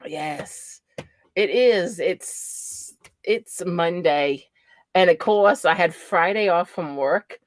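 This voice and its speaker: A woman's voice: lowish voice, slow, no room sound. New England woman hosting a livestream; chatty, laughing, very dry close mic. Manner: chatty, greets viewers by name, laughs often. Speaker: livestream host. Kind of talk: casual livestream chat.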